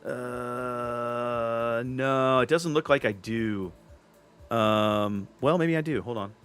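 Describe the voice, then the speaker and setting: A man's voice: mid-range voice, takes it slowly, fairly bright tone, smooth, faint music behind. A man streaming a game, chatting casually with his viewers in a rambling, self-interrupting way. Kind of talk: casual gameplay commentary with chat.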